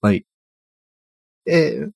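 A man's voice: extremely slow, a little mellow, dry recording. A man chatting casually about a film, wry and joking, often laughing. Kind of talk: casual film review chat.

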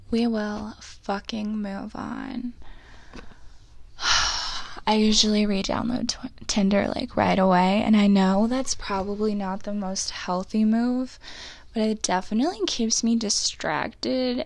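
A woman's voice: medium pitch, steady tone, takes it slowly, vocal fry, no echo. A young woman hosting her own podcast, chatting candidly and rambling, with frequent swearing. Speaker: podcast host. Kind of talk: confessional solo podcast chat.

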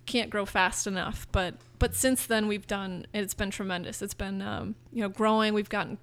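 A woman in her thirties from Northern California talks about her food business in a casual interview. She is eager and chatty, often restarting her sentences, and her voice sits at a mid pitch. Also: fairly even intonation, moderate pace, fairly bright tone, clear, resonant tone. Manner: enthusiastic, chatty with frequent restarts.

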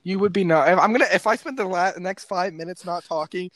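A man's voice: sits high, fast talker, fairly bright tone, no room sound. A man co-hosting a casual podcast, joking around, swearing and laughing often, without his usual microphone. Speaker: podcast co-host. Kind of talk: casual chat. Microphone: not his usual microphone.

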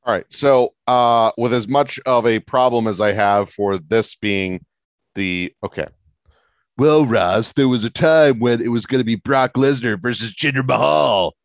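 Emphatic and argumentative, a male co-host of a casual wrestling podcast makes his case with lively pitch swings at a measured pace. No room sound is present.

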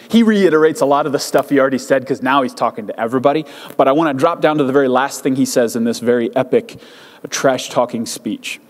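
A male pastor preaching in a conversational, animated storytelling manner, often restarting his phrases. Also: mid-range voice, long reverb tail. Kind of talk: sermon.

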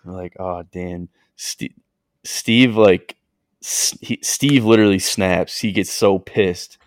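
A young man with a low, deep voice tells a story on a casual podcast. He rambles along with plenty of filler words and acts out the quotes, and his sound is dry and close. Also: takes it slowly, no echo. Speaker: podcast co-host.

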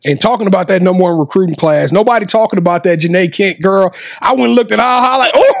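A man's voice: high-pitched, quick pace, gravelly, dry recording. A man hosting a sports talk show, hyped up and running a game-show style segment. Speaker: podcast host. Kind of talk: casual interview hosting.

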